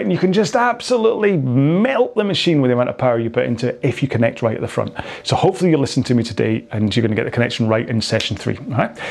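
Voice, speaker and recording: A man's voice: fairly high pitch, vocal fry, darkish tone. A man with a Scottish accent, talking casually as a rowing coach at the end of a workout, rambling and chatty and laughing easily.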